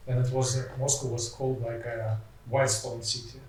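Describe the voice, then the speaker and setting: A man with a Russian accent, a podcast guest chatting casually, pausing often to search for words. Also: medium pitch, level tone, darkish tone, recorded from a distance, slight background noise. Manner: halting, searching for words with many uh fillers. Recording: echoey room, voice off-mic.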